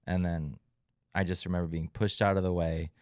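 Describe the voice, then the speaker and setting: Deep, flat-voiced young man. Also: clean tone, no room sound, clean studio sound. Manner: reflective, halting, many fillers. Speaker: podcast co-host. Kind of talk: casual testimony chat.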